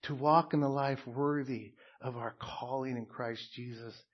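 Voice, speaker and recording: A middle-aged man preaching a sermon as a pastor, slow and emphatic, dropping to hushed tones at times. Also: medium pitch, steady tone, husky, muffled recording.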